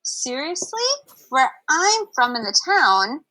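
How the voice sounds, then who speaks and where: A woman's voice: high voice, very animated, slow pace, bright, forceful tone, full character voice, poor audio. A woman voicing a fussy, snobbish male town mouse who complains in a whiny way. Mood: disgusted.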